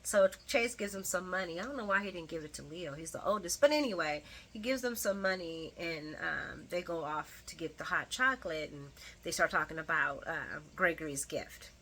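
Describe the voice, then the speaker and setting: A woman's voice: lowish voice, normal speed, few pauses, fairly bright tone, breathy edge. A woman recapping a soap opera episode in casual chat, full of sassy asides and frequent laughter.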